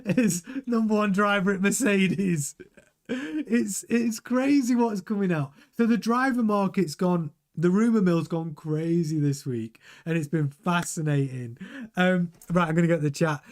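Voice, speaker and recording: A man's voice: high-pitched, measured pace. A middle-aged man hosting a live stream, talking casually and animatedly and often restarting his sentences while he reads the chat. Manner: chatty, animated, repeats words and restarts. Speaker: show host reading live chat.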